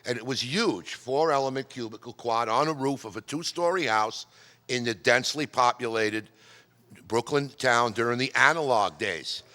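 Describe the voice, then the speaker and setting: A man's voice: mid-range voice, normal speed, pushed and bright. A middle-aged man from New York giving a chatty, digressive talk about amateur radio and telling stories at a club meeting. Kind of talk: casual storytelling talk. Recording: long reverb in a hall.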